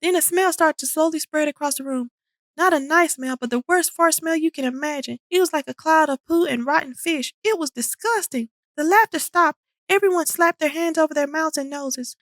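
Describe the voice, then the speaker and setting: A woman reading a children's storybook aloud in an animated, expressive way. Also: sits high, no echo, studio quality. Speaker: storybook reader. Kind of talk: children's book read-aloud.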